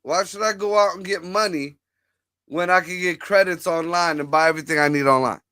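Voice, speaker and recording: A man hosting a livestream chat, his voice bright and a little higher than most men's. He talks bluntly and swears freely as he riffs. The sound is dry and close, with no room echo. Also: a little fast, smooth. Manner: blunt, profane, riffing. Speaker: host.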